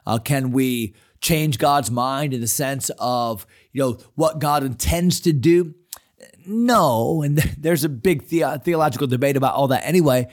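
Earnest man teaching the Bible. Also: medium pitch. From United States. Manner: earnest, animated, with frequent fillers.

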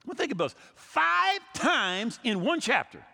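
A man's voice: extremely high pitch, big pitch swings, unhurried, creaky, sharp tone, slightly rough, in a large hall. A man in his sixties, a pastor preaching a sermon, telling stories and acting out the people he quotes, often repeating his words as he goes. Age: 60s.

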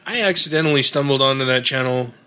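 A man's voice: mid-range voice, fast talker, sharp tone, smooth. A man in casual chat, wry and profane.

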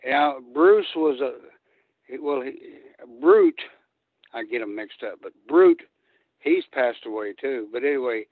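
A man's voice: medium pitch, measured pace, dry recording. Older man on a phone line. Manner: rambling, animated storyteller who acts out quotes. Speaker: guest, retired pro wrestler. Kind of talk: casual storytelling. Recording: tinny dry phone line.

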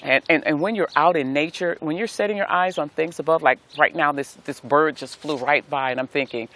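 A man's voice: fairly high pitch, a little fast, hardly any pauses, sharp tone. A middle-aged man giving a devotional talk outdoors, speaking as a pastor with a preacherly cadence and repeated phrases. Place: outdoors in nature.

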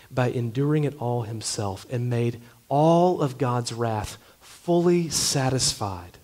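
A man preaching a sermon, earnest and emphatic, slowing to hushed phrases. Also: medium pitch. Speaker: pastor.

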